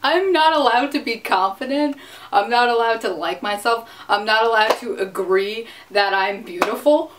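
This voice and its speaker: A woman's voice: on the high side, moderate pace. A young woman vlogger ranting to camera, exasperated, sarcastic and profane. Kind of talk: casual rant to camera. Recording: distant mic with faint noise.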